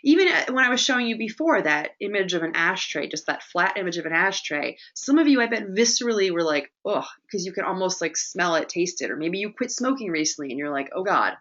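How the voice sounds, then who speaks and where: A woman leads a webinar lesson in a bright, forceful voice. She talks in a lively, chatty way and keeps checking in with her listeners. The audio is slightly dull and lo-fi. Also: lowish voice, quick pace, few pauses. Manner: lively and chatty, often asks "right?". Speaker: presentation coach hosting a webinar. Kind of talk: webinar teaching.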